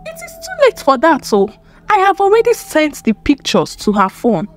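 A woman's voice: sits high, huge pitch swings, moderate pace, faint music behind, voice pushed up. A woman with a Nigerian accent voicing a loyal young female friend, assertive and reassuring.

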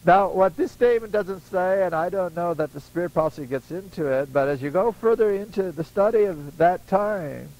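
A man's voice: high voice, a little mellow, rough recording. An older man preaching a folksy storytelling sermon, acting out voices in his stories. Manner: acts out voices in his stories, chuckling asides.

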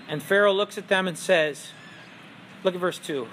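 A man's voice: high voice, moderate pace, fairly bright tone, a little hiss or hum. A male pastor preaching a sermon in a church, in a conversational storytelling manner full of rhetorical questions.

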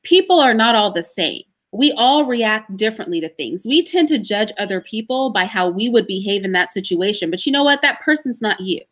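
A woman answering as an interview guest, telling stories in an emphatic, animated way. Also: mid-range voice. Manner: emphatic, animated storytelling with pauses.

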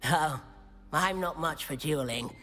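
A timid nerdy schoolboy. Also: male voice, on the high side, takes it slowly, sharp tone, big-room sound. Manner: shy, nerdy. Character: timid nerdy male student.

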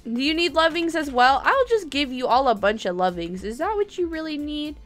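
A woman livestreaming a game, chatting to friends in the game in an excitable, giggly way, often shouting their names and apologizing. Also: high-pitched, brisk, soft background music. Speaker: gaming livestreamer. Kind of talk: live gameplay chatter.

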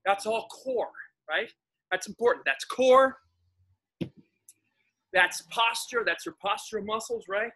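A man's voice: high-pitched, unhurried, long pauses, bright, forceful tone. A man coaching a live workout class, giving upbeat, encouraging cues and counting down reps while exercising along. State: slightly out of breath while exercising. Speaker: fitness instructor.

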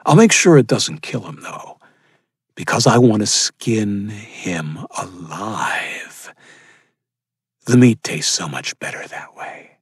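A man voicing a sadistic male cannibal gang leader who speaks with slow, gloating menace. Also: fairly low pitch, big pitch swings, slightly rough, no room sound, clean studio sound, full character voice.

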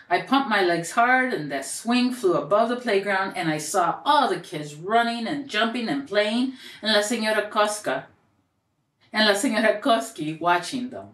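A woman reading a children's picture book aloud in a gentle, expressive storytelling way, lifting her voice for the quoted lines. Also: mid-range voice, normal speed. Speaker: storybook reader and educator. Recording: roomy echo, voice a bit far from mic.

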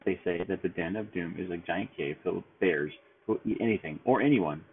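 A curious young jungle boy who startles easily, as a man reading a storybook puts him on. He speaks in a raised, excitable voice. The sound is thin and tinny, like a phone line, with faint noise behind. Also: low voice, a little fast. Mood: wide-eyed.

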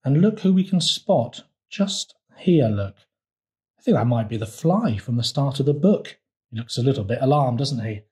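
A man reading his picture book aloud for children's storytime, lively and asking the listeners questions. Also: medium pitch, normal speed.

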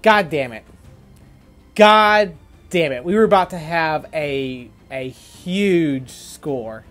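A man giving casual gameplay commentary, excitable and quick to swear, stammering and restarting when worked up. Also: a little high, soft background music. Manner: excitable, swings from gleeful to furious ranting. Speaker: gaming YouTuber.

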